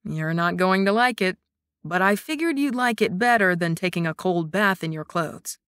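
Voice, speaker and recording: Woman lowering her voice for Kai, a teasing young warrior. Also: lively intonation, normal speed, a bit bright, clear, resonant tone, dry recording, clean studio sound. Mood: calm. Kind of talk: audiobook narration.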